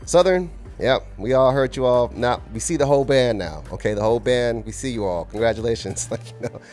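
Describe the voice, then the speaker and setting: A man's voice: mid-range voice, fast talker, darkish tone. Guy casually scoring band performances, chatty and direct, some faint music behind. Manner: chatty, direct, speaks straight to viewers. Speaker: band reaction reviewer. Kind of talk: casual spoken review.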